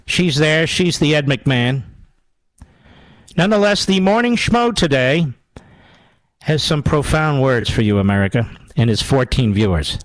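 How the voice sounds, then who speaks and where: Male talk radio host, sarcastic, mocking, lively swooping pitch, fairly high voice, dry studio sound. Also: unhurried, no room sound. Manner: sarcastic, mocking, mimics others. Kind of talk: combative political commentary.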